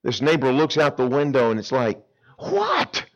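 A male preacher giving a sermon, telling a Bible story in an animated, folksy way with humor. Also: medium pitch, fairly quick, muffled recording.

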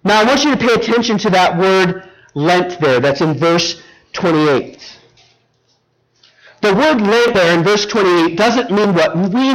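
High-voiced man preaching, checking in often. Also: a bit bright, low-quality recording. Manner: engaging, repeatedly checks in with the congregation; teacherly, walks through Bible verses word by word. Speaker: pastor. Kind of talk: sermon.

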